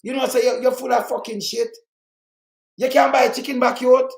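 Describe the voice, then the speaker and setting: A man with a Jamaican accent hosting an angry political rant, reading out statistics, heated and repetitive, cursing and bursting into shouts. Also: extremely high pitch, little pitch movement, fairly quick, vocal fry, roomy sound. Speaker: channel host commenting on murder statistics.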